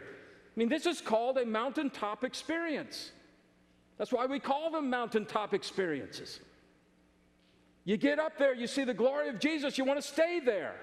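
A man's voice: very high-pitched, long reverb tail. A male pastor preaching a sermon in a church, emphatic and conversational, often repeating phrases.

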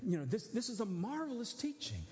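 A man's voice: sits high, huge pitch swings, brisk, a little mellow. A man preaching a sermon as pastor, teaching in a conversational way and checking that his listeners follow. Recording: long church hall reverb.

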